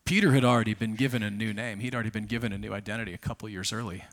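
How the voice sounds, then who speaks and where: A man preaching a sermon as pastor at a church service, telling stories emphatically and swinging between loud and soft. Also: on the low side, steady tone, very fast.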